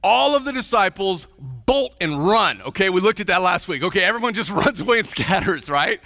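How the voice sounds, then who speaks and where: A high, bright male voice preaches a conversational sermon and keeps checking in with the congregation. The sound rings with long reverb from a church sanctuary. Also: sing-song, a little fast. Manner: informal, chatty, checks in with the audience often. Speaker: pastor.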